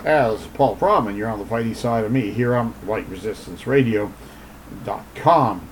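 A man hosting a radio show, speaking casually and haltingly with many filler words. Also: lowish voice, soft background music, rough recording. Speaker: radio host.

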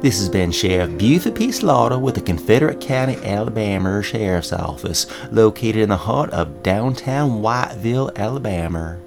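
A man voicing a blustering small-town Southern sheriff in a comedy radio bit, with a slow, slurry, pompous drawl and a Southern accent. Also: lowish voice, animated, creaky, music in the background. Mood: mock-stern.

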